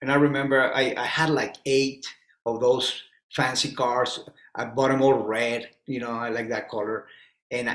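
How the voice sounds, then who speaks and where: A man telling his story as a podcast guest, animated and acting out the dialogue in it. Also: medium pitch, roomy sound. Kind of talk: conversational storytelling.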